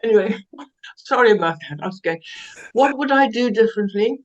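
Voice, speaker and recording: An older woman from South Africa, a guest telling lively, self-mocking stories with laughs and many restarts. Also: on the high side, moderate pace, muffled recording. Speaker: interview guest. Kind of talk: anecdotal storytelling interview.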